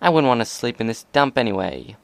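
A man's voice: mid-range voice, sing-song, fast, gravelly, clear, resonant tone, no echo. A man reading aloud and voicing a brash, hot-headed young female pegasus pony. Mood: scornful. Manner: brash, confrontational, loud.

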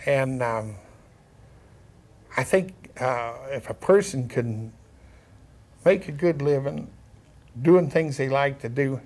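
A middle-aged man with a thick West Texas drawl, talking as an interview guest. He chats in a relaxed, folksy way, drops down-home words and chuckles now and then. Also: medium pitch, slow, pauses often. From California. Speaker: actor and former rodeo cowboy, interview guest.

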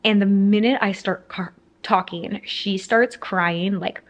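A woman's voice: mid-range voice, slow pace, muffled recording. A young woman telling a casual storytime to camera, rambling with lots of fillers. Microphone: camera framing, talking to camera.

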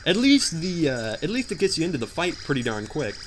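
A young man giving jokey, animated commentary while playing a hard video game, often shouting in frustration. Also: on the high side, a little fast, faint music behind. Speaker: gameplay commentator. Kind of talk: let's play commentary.

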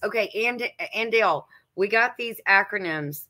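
Slow-talking giggly woman, bright voice. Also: medium pitch, lively intonation. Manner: giggly, laughs often while talking. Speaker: co-host of a homestead livestream. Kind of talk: casual chat.

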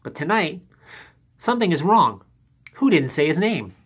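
Expressive man reading a picture book. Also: fairly high pitch, moderate pace, slightly rough. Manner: lively, expressive read-aloud. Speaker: storyteller.

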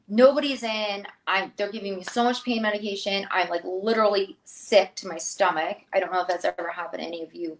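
Woman guest, 30s, lively storyteller, does the voices of the people she quotes. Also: medium pitch. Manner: animated, acts out quoted voices. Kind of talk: casual interview storytelling.

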